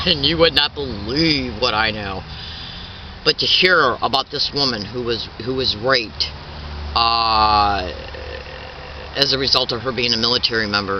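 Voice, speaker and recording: Indignant halting man, distant dull recording. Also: medium pitch, noisy background. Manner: halting, repetitive, restarts often; indignant, insistent. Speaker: activist. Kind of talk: impassioned spoken statement.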